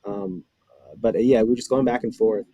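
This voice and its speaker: A man's voice: fairly low pitch, a little fast, mellow, slightly rough, no room sound, poor audio. A man, a former cast member, recalling a scene in casual chat, rambling with many fillers.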